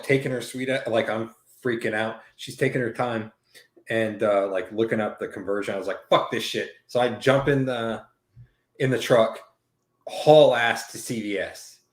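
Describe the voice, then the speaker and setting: A man telling a long, profane story in casual chat, rambling and animated as he acts out what people said. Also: mid-range voice, normal speed. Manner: profane, rambling, animated retelling with quoted dialogue. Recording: roomy echo.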